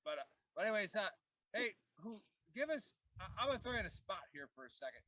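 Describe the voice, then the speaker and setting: A man's voice: sits high, very animated, fast talker, bright, forceful tone, no echo, recorded from a distance, low-quality recording. A man hosting a podcast, joking and ribbing his guests in casual chat. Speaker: podcast host.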